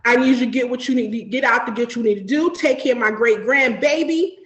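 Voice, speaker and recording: A woman tells a personal story in easy chat, her voice a little high. She is animated and profane and acts out the people she quotes. The room around her has a noticeable echo. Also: quick pace, dull audio. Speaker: podcast guest.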